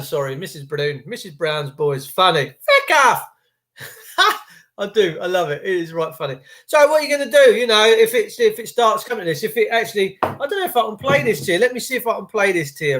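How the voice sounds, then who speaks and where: A middle-aged man, podcasting in a blunt, animated rant and swearing freely. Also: high voice. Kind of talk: ranting monologue.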